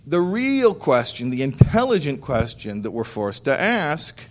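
Rabbi, male, mid-pitched voice, slow emphatic storyteller who acts out the dialogue. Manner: animated storyteller acting out dialogue. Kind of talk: storytelling talk on faith.

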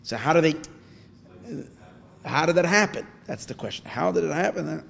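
A man teaching a Torah lesson through a story. He talks in a halting way with frequent restarts, and he asks questions and then answers them himself. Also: on the high side, expressive, creaky, a bit bright.

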